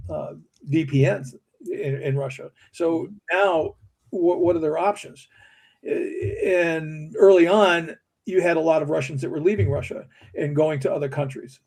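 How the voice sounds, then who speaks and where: A man's voice: on the high side, darkish tone. A man, giving blunt, opinionated views in a casual podcast discussion, often repeating words as he restarts.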